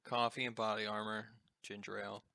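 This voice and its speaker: A man's voice: lowish voice, fairly quick, creaky, no echo, clean studio sound. Brash young man telling a story. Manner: profane, animated storyteller with many "like" fillers. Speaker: podcast co-host. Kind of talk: casual storytelling chat.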